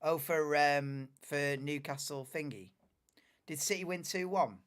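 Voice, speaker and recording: A young man talks loosely through a live stream, drifting into low mutters and casual swearing. His voice sits a touch higher than most men's. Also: a little slow, a bit bright, clean tone. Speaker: live watchalong host. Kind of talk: casual live commentary, chatting with chat.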